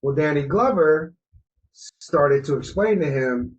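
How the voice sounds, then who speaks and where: A podcast co-host from New Jersey tells stories in a loose, slangy way during casual chat. His fairly high voice is animated but unhurried, and the audio is muffled and lo-fi.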